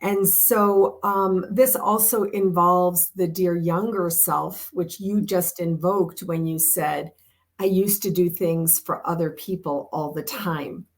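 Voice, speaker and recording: An older woman hosting a podcast, speaking in an earnest, emphatic way and slowing down when she reads aloud. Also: lowish voice, fairly even intonation. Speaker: podcast host. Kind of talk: warm reflective podcast conversation.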